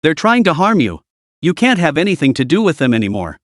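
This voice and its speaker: A man's voice: on the high side, sing-song, brisk, no echo, studio quality. A man reading an audio story recap, voicing a desperate, tearful young woman who screams and pleads.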